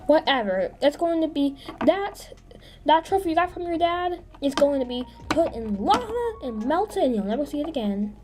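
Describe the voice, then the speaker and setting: A woman's voice: sits high, animated, moderate pace, noisy background. A woman voicing a cruel, haughty vampire queen mother in a toy figure drama, scornful and commanding.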